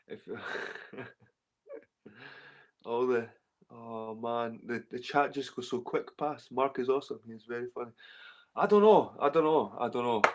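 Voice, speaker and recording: A man's voice: medium pitch, little pitch movement, slow, long pauses. Rambling, swearing Scottish man. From Scotland. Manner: rambling, swearing, repeats himself. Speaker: livestream host reading chat. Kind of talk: casual livestream chat.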